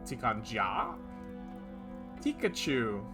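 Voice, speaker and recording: A man's voice: mid-range voice, very animated, takes it slowly. Playful male streamer, mid voice, music bed. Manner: jokey, playful. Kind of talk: casual stream chat, reading chat aloud. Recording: game music behind.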